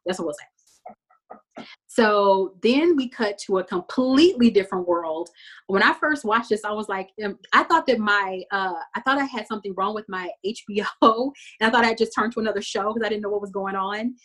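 A woman's voice: mid-range voice, moderate pace, a bit bright. A woman hosting a casual podcast, recapping a TV episode in a chatty way with frequent laughs and fillers.

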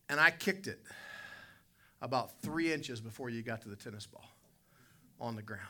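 Bright-voiced storytelling pastor, a man. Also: medium pitch. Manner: storytelling, animated, with sudden loud bursts. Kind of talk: sermon.

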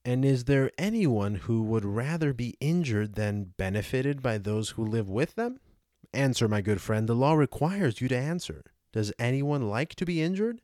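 Old philosopher guy grilling his accuser, ironic, mid-pitched, dry close sound, read by a man. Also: expressive, moderate pace, a little mellow, no room sound, lightly acted. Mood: questioning. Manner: rhetorical, cross-examining. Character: aged male philosopher, ironic and probing. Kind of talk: dramatized audiobook reading.

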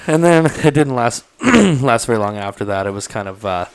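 A man tells a fishing-trip story in a loose, chatty way. He laughs as he goes and slips into the voices of the people he is quoting. His voice sits at an everyday middle pitch. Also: animated, normal speed, creaky. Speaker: podcast host. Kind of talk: casual storytelling chat. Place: studio.

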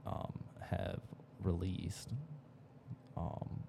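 A man's voice: low voice, monotone, drawn-out words, creaky, background noise. A young man co-hosting a podcast, talking casually in a rambling way full of fillers and the odd swear word. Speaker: podcast co-host. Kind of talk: casual chat.

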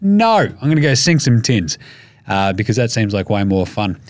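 A man's voice: lowish voice, very animated, normal speed, dry recording. An Australian man hosting a casual sports podcast, talking in an irreverent, jokey and profane way. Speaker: podcast host.

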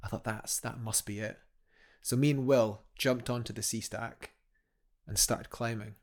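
A man's voice: medium pitch, steady tone, a little slow. Enthusiastic man telling a story. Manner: enthusiastic, rambling with many restarts. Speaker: guest climber. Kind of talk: casual storytelling in a podcast interview.

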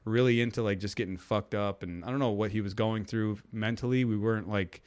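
A man's voice: fairly low pitch, a little fast, clean tone. Casual rambling man telling a story. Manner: rambling and animated, acts out quotes with a raised goofy voice.

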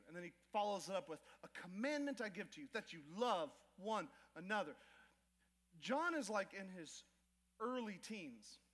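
Pastor guy preaching, really high voice, jokey storyteller acting out bits, big echoey church hall. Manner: animated storytelling with acted asides to the crowd. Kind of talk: sermon. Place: church auditorium. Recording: long hall reverb.

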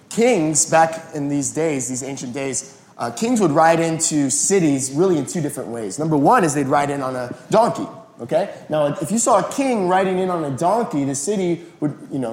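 A man preaching a sermon as a pastor, telling the story in a relaxed, conversational way and acting out the quotes. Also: fairly high pitch. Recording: echoey room.

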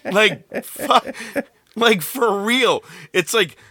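A man co-hosting a podcast in an animated, joking way, laughing often as he riffs. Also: sits high, drawn-out words, husky, no room sound. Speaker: podcast co-host. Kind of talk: casual chat.

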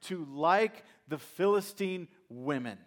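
High-voiced male pastor telling a story. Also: slow pace. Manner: animated storytelling with humorous asides; addresses congregation directly. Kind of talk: sermon.

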